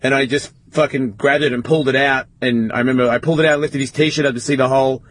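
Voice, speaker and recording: Husky swearing man telling a story. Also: medium pitch, quick pace. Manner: swearing often, animated retelling. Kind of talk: casual storytelling.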